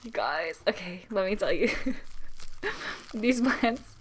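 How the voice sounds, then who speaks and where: A young woman in a casual unboxing vlog who talks straight to her viewers, giggly and nervous with excitement. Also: mid-range voice, slow pace, slightly rough. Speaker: plant vlogger.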